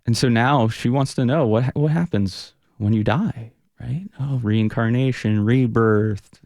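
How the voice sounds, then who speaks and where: A mid-range, darkish male voice, a little slow, comes through with no room sound. He's a Buddhist teacher and punk rock frontman in a reflective radio studio interview, speaking earnestly and frequently restarting or trailing off while he gropes for words.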